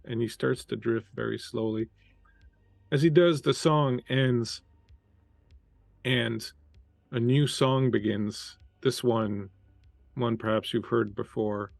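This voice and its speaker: A man running a tabletop game as game master, narrating scenes and giving measured, deliberate descriptions. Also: medium pitch, creaky, no room sound.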